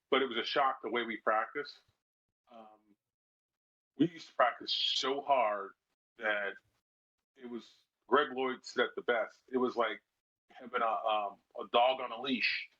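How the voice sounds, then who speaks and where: A middle-aged man, a former football player, telling lively stories in a casual interview and acting out the people he quotes. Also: medium pitch, slightly rough. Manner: animated storyteller who acts out quoted voices. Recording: slightly dull lo-fi sound.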